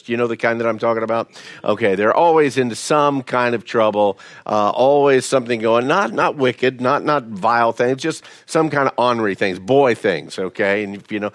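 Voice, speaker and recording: Male pastor, folksy conversational sermon, middle pitch, dry close sound. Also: no room sound. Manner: folksy, conversational, repeats words. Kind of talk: storytelling sermon.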